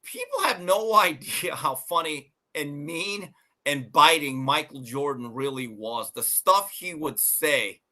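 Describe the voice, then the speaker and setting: A man hosting a sports talk show, telling stories in an animated, emphatic way and swearing freely. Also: on the high side, slow.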